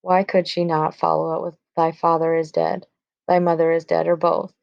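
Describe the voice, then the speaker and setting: A distraught young bride torn between grief and love, as a woman with a low, gravelly voice reads her part aloud. The lines come plainly from the page in a dull, lo-fi recording. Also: level tone, moderate pace, no room sound. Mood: anguished. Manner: read aloud plainly from the script. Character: young teenage girl, newly wed, distraught and torn.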